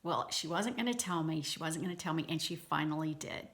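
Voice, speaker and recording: A woman vlogger telling a personal story to her viewers in a chatty, animated way, with frequent restarts. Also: low voice, brisk. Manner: addresses viewers directly.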